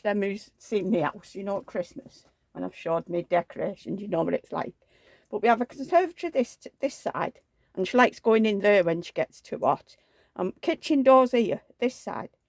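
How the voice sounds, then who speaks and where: A reborn doll collector in her seventies rambles through homely anecdotes in a chatty vlog, acting out the dialogue as she goes. Her voice is fairly high with a darkish tone, and there's no room sound at all.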